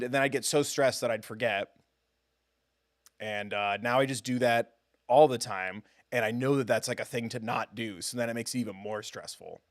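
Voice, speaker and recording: A man's voice: medium pitch, brisk, a bit bright, dry recording, clean studio sound. A man streaming a game live, chatting casually with his viewers in a self-deprecating, giggly way.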